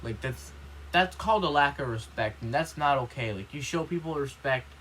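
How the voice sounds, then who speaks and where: A man's voice: medium pitch, expressive, normal speed, fairly bright tone, a little hiss or hum. A man ranting in a casual vlog, rambling with constant fillers, indignant and swearing when upset. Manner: rambling, heavy use of "you know", repeats himself. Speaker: vlogger.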